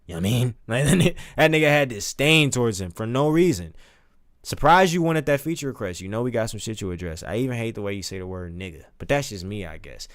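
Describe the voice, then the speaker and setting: A man giving casual, profane commentary as a streamer, breaking into recited lines with big swings in pitch and loudness. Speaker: streamer discussing rap lyrics.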